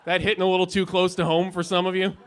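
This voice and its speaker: A man's voice: sits high, monotone, quick pace. A man in his thirties doing a stand-up comedy set in a club lounge, with a dry, sardonic delivery and punchlines that build up. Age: 30s.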